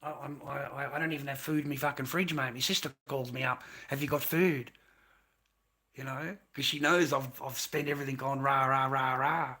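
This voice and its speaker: A man's voice: mid-range voice, steady tone, fairly quick, hardly any pauses, bright, forceful tone. A man hosting his own livestream, rambling and swearing as he vents his frustrations in an unscripted rant. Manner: rambling, profane, venting frustration. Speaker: livestream host.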